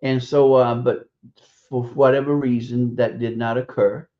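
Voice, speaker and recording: A man in a mid-range voice delivers blunt, scornful radio commentary, cursing freely and pausing often as he gathers his thoughts. The stream audio is dull and lo-fi. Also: mid-range voice, little pitch movement, mellow. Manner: hesitant, halting delivery with drawn-out pauses. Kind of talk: opinion commentary.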